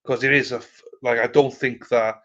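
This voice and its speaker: The livestream host here has a medium-pitched voice with a bright, forceful tone, a flat delivery, and a moderate pace. He rambles casually, greets viewers by name, and swears freely, and the lo-fi sound is a little muffled.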